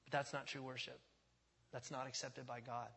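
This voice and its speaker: A male pastor preaching a sermon in a church, emphatic and repetitive, swinging from quiet to loud. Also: mid-range voice, flat delivery, moderate pace, creaky, breathy edge. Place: church sanctuary. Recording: long church reverb.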